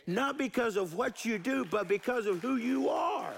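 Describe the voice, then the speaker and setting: Gravelly high-voiced preaching pastor. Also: male voice, expressive, moderate pace. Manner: call-and-response preaching, varying pace and emphasis. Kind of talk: sermon.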